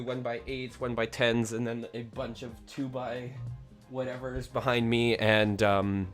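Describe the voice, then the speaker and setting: A man's voice: mid-range voice, bright, forceful tone. A man hosting a casual livestream, rambling with lots of fillers and self-corrections from a somewhat echoey room at home. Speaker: livestream host.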